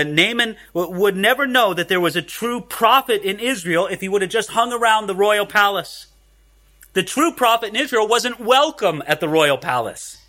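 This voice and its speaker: Bright, animated male preacher. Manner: animated, swinging pitch, acting out quotes. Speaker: pastor. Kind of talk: expository sermon.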